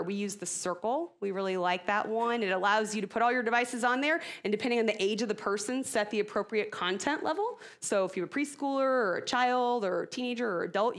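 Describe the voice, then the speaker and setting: Chatty and laughing at her own expense, a middle-aged woman with a mid-range voice speaks expressively and informally to a gathering of church parents.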